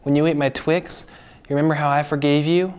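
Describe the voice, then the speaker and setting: A man, a children's pastor, speaking gently and patiently in a church puppet skit for kids. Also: fairly high pitch, steady tone, brisk, clear, resonant tone.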